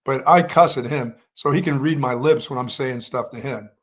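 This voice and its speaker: Male co-host, relaxed rambling storyteller, stammers and repeats, mid-pitched. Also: moderate pace, husky. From Pennsylvania. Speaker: sports radio co-host. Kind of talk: casual morning show chat.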